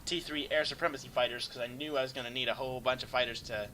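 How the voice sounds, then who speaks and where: A young man casually commenting over a replay of a strategy game, rambling and self-deprecating, sometimes breaking into excited yelps. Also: mid-range voice, fast talker, a little hiss or hum, poor audio. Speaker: gameplay commentator.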